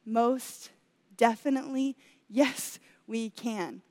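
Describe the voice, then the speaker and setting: A woman's voice: fairly high pitch, takes it slowly, a little mellow, big-room sound. A young woman giving a chatty sermon with a personal story, laughing often and saying "y'all" as she speaks to her congregation. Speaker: church speaker.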